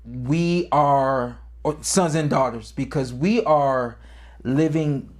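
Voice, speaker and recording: A man co-hosting a podcast, telling a personal boxing story in a casual way, acting out quotes, his voice climbing high when the story gets emotional. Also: slow pace. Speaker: podcast co-host and former boxer.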